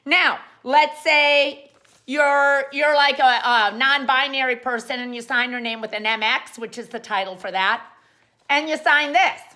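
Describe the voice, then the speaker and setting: Bright-voiced woman hosting a playful lesson. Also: sits high, fairly even intonation, unhurried. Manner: playful, rambling, jokey asides. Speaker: host. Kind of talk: comic how-to demonstration.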